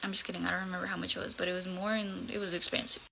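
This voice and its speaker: A young woman telling a story to her followers in a bright, forceful voice, animated and salty with casual swearing. She slips Spanish words into her English as she goes. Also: fairly low pitch, racing, creaky, a little hiss or hum, poor audio. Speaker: content creator. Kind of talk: storytime vlog.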